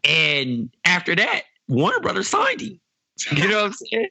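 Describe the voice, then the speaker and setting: Bright, slangy young-sounding guy. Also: high voice, huge pitch swings, normal speed, vocal fry, slightly rough, no echo. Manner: slangy, laid-back storytelling. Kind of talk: casual podcast chat.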